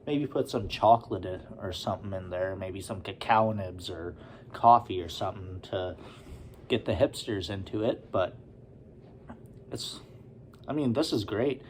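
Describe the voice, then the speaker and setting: A man's voice: lowish voice, measured pace, slight background noise. A man doing a casual, rambling beer review, with lots of fillers and asides.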